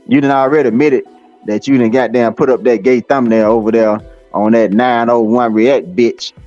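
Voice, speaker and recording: A man's voice: mid-range voice, fairly even intonation, normal speed, a little mellow, faint music behind. A man, ranting and taunting on a live stream, swearing heavily and rambling with lots of fillers. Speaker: livestream host. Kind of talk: profane live-stream rant. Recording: slightly dull lo-fi stream audio.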